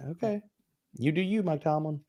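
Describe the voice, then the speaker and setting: A man's voice: a little high, moderate pace, mellow. A man co-hosting a fantasy football show, trading dry, teasing banter in casual chat.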